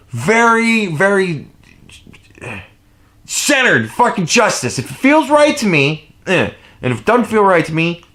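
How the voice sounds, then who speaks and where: A vlogger in his late thirties rambles through a foul-mouthed story on a casual vlog. He laughs a lot, drifting between quiet mumbling and sudden loud bursts.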